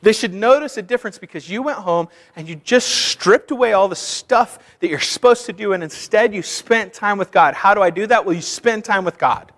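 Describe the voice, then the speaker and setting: A man's voice: sits high, normal speed, hardly any pauses, fairly bright tone. A male pastor giving a sermon in a church, conversational and self-deprecating, building to fervent exhortation.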